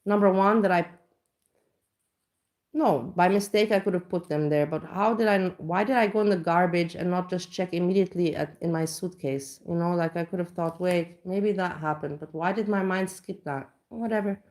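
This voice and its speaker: A woman's voice: lowish voice, normal speed, darkish tone. A woman vlogger chatting casually at home, telling a rambling, self-mocking story full of restarts. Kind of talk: casual reaction chat. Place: home kitchen.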